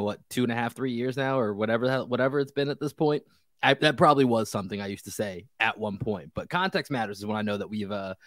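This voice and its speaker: A man's voice: medium pitch, no room sound. A man hosting a casual sports podcast, upbeat and chatty, talking with his co-host.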